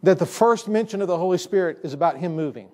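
A man's voice: high-pitched, animated, fast talker, warm tone. A male pastor preaching a sermon in a church, emphatic and repeating his key phrases. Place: church sanctuary.

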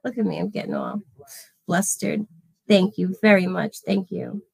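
A woman's voice: medium pitch, lively intonation, normal speed, creaky, darkish tone, husky, dry recording. A woman in her thirties hosting a casual livestream, effusively thanking viewers by name. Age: 30s. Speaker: livestream host.

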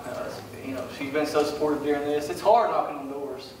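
A man with a Southern US accent giving a candidate forum speech, halting and full of fillers. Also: a little high, slight background noise. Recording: echoey room, mic far off.

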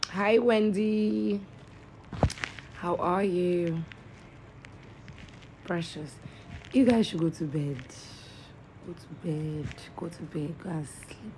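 A young woman chatting slowly and playfully on a late-night livestream, her voice tired and a little croaky. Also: on the low side, warm tone, a little hiss or hum. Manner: slow, drawling, playful. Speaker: livestreamer reading comments. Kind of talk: late-night live stream chat.

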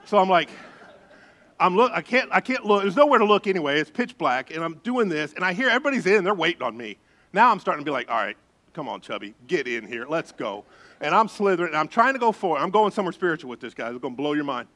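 A middle-aged man preaching as a pastor, telling a story with lively voices and gasps. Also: sits high, fast talker. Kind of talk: sermon storytelling.

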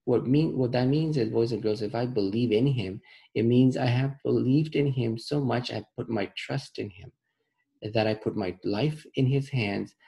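A middle-aged man teaching a children's Bible lesson in an earnest way, repeating phrases and reading verses slowly. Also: mid-range voice, vocal fry, mellow, low-quality recording. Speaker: Sunday school teacher.

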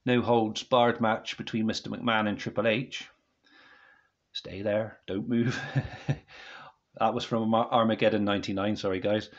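A man's voice: on the low side, flat delivery, moderate pace, highs cut off. A man casually reviewing a wrestling DVD set to camera at home, rambling and often apologising to viewers. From United Kingdom.

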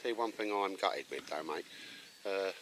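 A man's voice: low voice, unhurried, noisy background. A middle-aged man, chatting casually with a friend outdoors, rambling and calling people mate. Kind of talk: casual chat. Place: outdoors in woodland.

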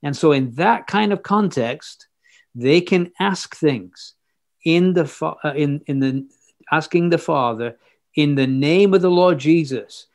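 A man teaching a Bible passage verse by verse, reading scripture aloud and explaining it in a conversational way with fillers and restarts. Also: fairly high pitch.

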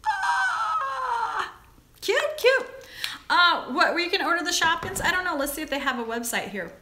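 A woman hosting a casual live chat, reading viewer comments aloud and gasping and squealing over small toys. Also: fast. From Southern United States. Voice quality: giggly, exclamatory, high and animated. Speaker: live stream host.

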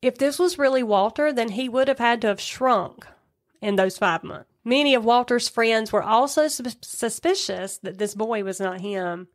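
Chatty true-crime podcast woman, fairly high. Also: normal speed. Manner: chatty, reads the case aloud with asides. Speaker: podcast co-host. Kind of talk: casual true-crime retelling.

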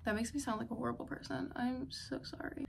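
A woman's voice: on the high side, steady tone, quick pace, creaky, noisy background. Teen girl vlogger, put-on Southern country accent, rambling casual chat, self-deprecating. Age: teens. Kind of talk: casual vlog while doing makeup.

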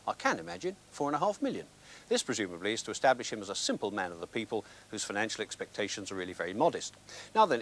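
A man with a British accent presenting scripted film reviews with dry, sardonic wit. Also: fairly low pitch.

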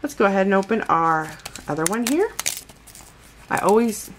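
An American woman vlogger chats casually while unboxing toys, gushing and addressing her viewers as guys. Her medium-pitched voice is animated and moderately paced, with slight background noise.

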